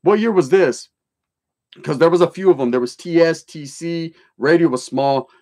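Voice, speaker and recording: A middle-aged man from California talks loosely on his livestream, reading viewers' chat aloud and spinning old stories. His voice sits a little higher than most men's, and his speech is full of street slang and profanity. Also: moderate pace, a little mellow. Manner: streetwise slang, swearing, storytelling.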